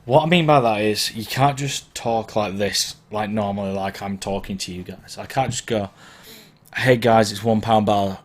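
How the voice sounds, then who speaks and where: A man's voice: lowish voice, normal speed, few pauses. A man hosting a live question-and-answer stream as a DJ, casual and encouraging, his throat sore from hay fever. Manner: chatty and encouraging, wanders and self-corrects. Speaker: DJ and online Q&A host. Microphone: mic placed below the camera.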